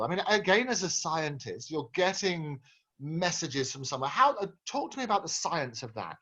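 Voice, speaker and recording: A man with a somewhat high voice hosts an interview and asks long, halting questions full of restarts. The recording sounds dull and lo-fi. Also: very animated, bright, forceful tone, breathy edge. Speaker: interview host.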